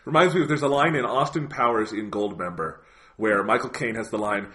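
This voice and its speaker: Bright-voiced man chatting on a podcast. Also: fairly low pitch, brisk. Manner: animated, swears freely, lots of "like" and "you know". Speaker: podcast co-host. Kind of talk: casual chat.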